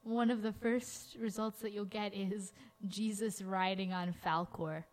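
A woman's voice: mid-range voice, fairly even intonation. A young woman from Georgia co-hosting a college radio show in playful, joking chat. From Georgia, USA. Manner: playful, joking, drawn-out words.

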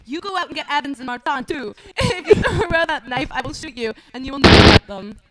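A man's voice: very high voice, expressive, fast talker, fairly bright tone. An actor playing a cowardly, treacherous male ex-convict who pleads and panics, in 1940s radio acting style. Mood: pleading. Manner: pleading, frantic, wavering.

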